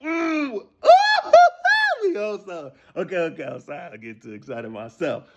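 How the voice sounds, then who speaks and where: A man, ranting casually about scripture in a profane, animated way, full of repeated rhetorical questions. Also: on the high side, moderate pace, very noisy. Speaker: streamer discussing scripture.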